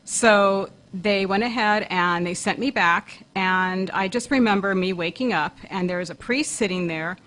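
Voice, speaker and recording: A woman's voice: medium pitch, unhurried, hardly any pauses, a bit bright, rough recording. A woman co-hosting a talk show who earnestly recounts a vivid personal experience, often restarting her phrases. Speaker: co-host, paranormal investigator.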